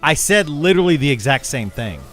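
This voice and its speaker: A man's voice: a little high, sing-song, brisk, a bit bright. A man streaming live, chatting casually and rambling, often repeating words and restarting sentences as he explains himself to his chat. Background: faint music.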